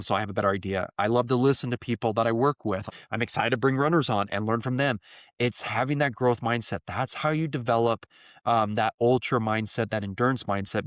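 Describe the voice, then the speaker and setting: A man's voice: mid-range voice, dry recording, studio quality. A man in his thirties hosting a podcast in a casual solo monologue, talking earnestly and rambling with many fillers. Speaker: podcast host.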